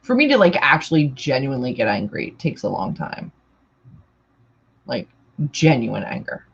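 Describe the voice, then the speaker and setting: A woman hosting a casual chat on a live stream, animated and acting out quotes, her voice a little worn. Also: a bass voice, moderate pace, vocal fry, slightly rough. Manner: animated storyteller, acts out quotes loudly. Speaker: host. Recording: dull lo-fi stream audio.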